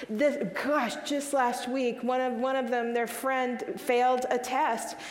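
A woman's voice: high voice, little pitch movement, takes it slowly, a little hiss or hum. Earnest woman speaker in an echoey hall. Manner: emphatic, earnest, repeats and restarts phrases. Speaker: speaker answering audience questions. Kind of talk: live Q&A talk. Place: hall with a live audience. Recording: echoey hall with long reverb.

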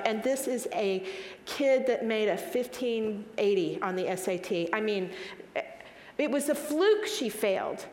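A woman's voice: on the high side, moderate pace. Female speaker, 40s, live Q&A; earnest, repeats herself for emphasis; roomy hall sound with long echo. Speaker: speaker answering audience questions. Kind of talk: live Q&A talk. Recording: echoey hall with long reverb.

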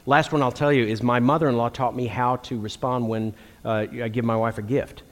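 A middle-aged man from Texas, preaching to men in an animated storytelling way, acting out quotes. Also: mid-range voice, brisk. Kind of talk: sermon to men. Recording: long hall reverb.

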